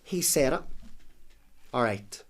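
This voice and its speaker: A man's voice: medium pitch, expressive, takes it slowly. A man guesting on a podcast, chatting in a playful, silly, boastful way. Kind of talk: casual chat.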